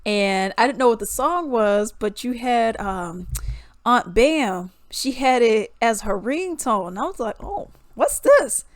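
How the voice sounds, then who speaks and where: A woman's voice: on the high side, lively intonation, measured pace, dry recording, clean studio sound. A young woman, giving casual music commentary, laughing often and mocking songs in singsong voices.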